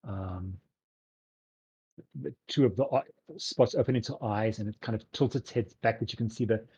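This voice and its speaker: Husky-voiced man narrating a tabletop game. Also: lowish voice, moderate pace, warm tone, highs cut off. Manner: rambling with many ums and likes. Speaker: game master.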